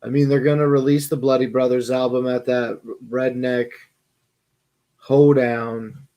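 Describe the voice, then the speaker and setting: A man's voice: mid-range voice, little pitch movement, unhurried, mellow, dull audio. Sleepy, profane laid-back man. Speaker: podcast co-host. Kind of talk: casual chat.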